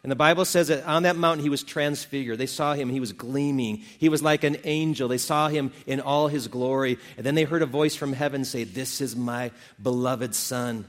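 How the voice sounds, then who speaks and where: A man's voice: on the high side, steady tone, brisk, few pauses, long reverb tail. A male pastor preaching a sermon, retelling scripture stories in a casual, folksy way.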